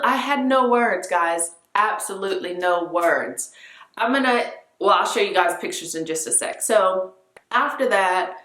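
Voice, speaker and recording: Animated woman telling a storytime. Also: mid-range voice, reverberant. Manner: animated, acts out quoted voices. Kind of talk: casual storytime to camera.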